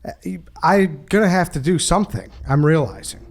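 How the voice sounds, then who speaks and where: A man's voice: on the high side, moderate pace. A man hosting a podcast, chatting casually, teasing his guests and swearing freely. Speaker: podcast host.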